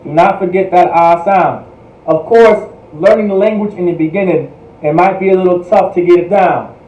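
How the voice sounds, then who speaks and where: A man with a notably high voice leads a livestreamed language lesson, saying each word again and again so listeners catch the sound. His voice bounces around a roomy, echoey space. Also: normal speed, dull audio. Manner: repetitive, drills pronunciation patiently. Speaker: language teacher. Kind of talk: livestreamed class lecture. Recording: echoey room.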